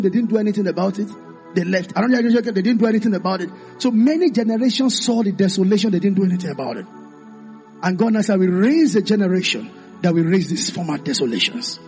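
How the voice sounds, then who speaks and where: A man preaches a sermon in a very high, lively voice. He calls out to his congregation for answers and climbs into impassioned shouts. Faint music plays underneath. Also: fast. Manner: call-and-response, rising to impassioned shouts.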